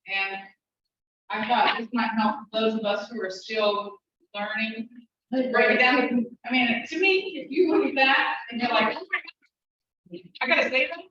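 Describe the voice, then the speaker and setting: A woman's voice: on the high side, lo-fi sound. Echoey teacher woman, distant mic. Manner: step-by-step explaining, encouraging; talks fast when excited. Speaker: language teacher. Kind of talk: classroom instruction. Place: classroom.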